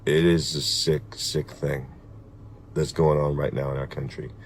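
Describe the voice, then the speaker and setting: A middle-aged man speaking in a measured, deliberate, firm way in a personal video message. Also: rumbling low, level tone, slight background noise. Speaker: vlogger.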